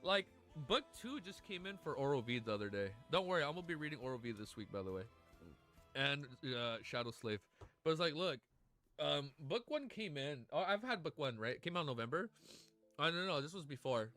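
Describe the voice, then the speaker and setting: A man streaming casually, chatting excitedly with his audience, swearing and gushing, at times near tears. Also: a little high, brisk, soft background music. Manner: excitable, swears often, gushes and laughs. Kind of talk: casual livestream chat.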